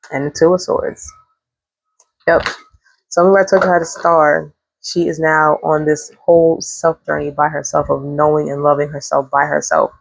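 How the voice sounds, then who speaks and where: Woman tarot reader, rambling casual chat, gravelly voice, dry close sound. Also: deep voice, no room sound, low-quality recording. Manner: rambling, chatty, swears freely.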